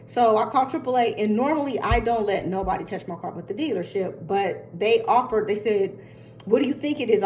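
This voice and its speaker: Older woman, chatty storytelling, animated quoting, faint hum behind. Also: medium pitch. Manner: chatty, animated retelling with quoted voices. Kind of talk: casual storytime.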